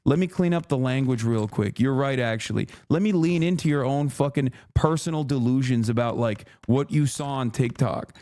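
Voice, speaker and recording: A man's voice: medium pitch, normal speed, few pauses, mellow. A man streamer ranting heatedly at his chat, swearing a lot and mocking people in a sarcastic put-on tone. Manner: angry, swearing, sarcastic mock quoting. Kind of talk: heated profane rant to chat.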